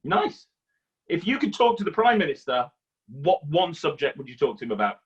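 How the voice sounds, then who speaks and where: A man with a fairly high voice hosts a casual interview, hesitating and laughing between questions. The recording sounds slightly dull, as if the top end has been cut off. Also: very animated, moderate pace. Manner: hesitant, laughs often, friendly. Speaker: interviewer host.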